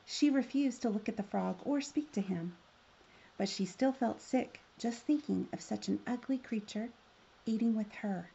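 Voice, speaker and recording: A woman reading a children's fairy tale aloud in a gentle, expressive way. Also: medium pitch, normal speed, gravelly, slightly rough, lo-fi sound. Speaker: storyteller.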